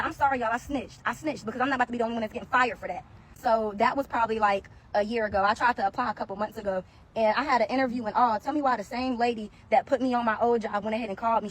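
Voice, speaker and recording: A woman's voice: a little high, racing. A woman who used to work as a security guard, telling a casual story to the camera and acting out what other people said. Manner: animated, acts out other people's lines.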